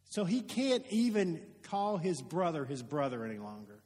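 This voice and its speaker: A man preaching a sermon, retelling a story with rhetorical questions and shifting from loud emphasis to hushed asides. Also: fairly high pitch, normal speed, few pauses. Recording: long hall reverb.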